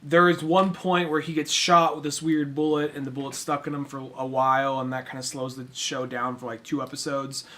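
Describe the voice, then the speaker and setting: A man co-hosting a podcast in casual chat, animated and quick to act out characters as he talks. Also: medium pitch. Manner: animated, acts out characters mid-sentence. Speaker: podcast co-host.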